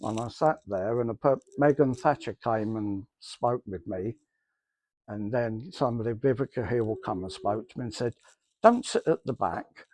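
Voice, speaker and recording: A middle-aged man tells his church testimony in a somewhat low, darkish voice at normal speed, with no room sound. He rambles along and acts out the conversations he recalls.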